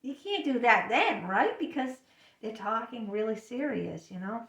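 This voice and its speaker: Sharing personal stories in a casual chat, this woman sounds a little high, expressive, and fairly bright at normal speed. She fills her talk with "you know" and acts out bits of dialogue in little voices, recorded from a distance in an echoey room.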